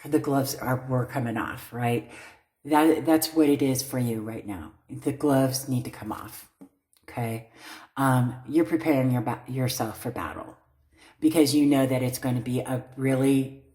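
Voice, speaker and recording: Deep-voiced woman reading tarot, blunt. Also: measured pace, warm tone, echoey room. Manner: blunt and emphatic, often checks in with "okay?". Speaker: tarot reader.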